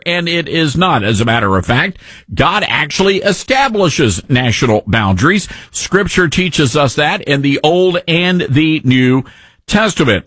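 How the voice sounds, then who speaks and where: A man's voice: fairly high pitch, fairly bright tone, no echo. A man hosting an opinionated commentary show, indignant and preachy, quoting scripture.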